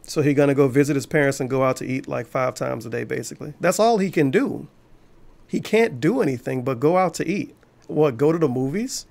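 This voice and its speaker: A man's voice: medium pitch, brisk, vocal fry, darkish tone. A man commenting over a stream with mocking, sarcastic asides.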